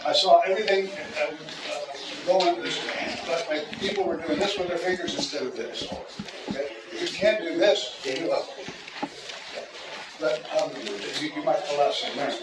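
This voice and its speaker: Man teaching self-defense, stammers and jokes, slightly high pitch; distant camera, heavy room noise. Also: normal speed. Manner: joking, repeats words, talks through demonstrations. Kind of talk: teaching a martial arts seminar. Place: large echoey training hall. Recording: echoey hall from far off with loud room noise.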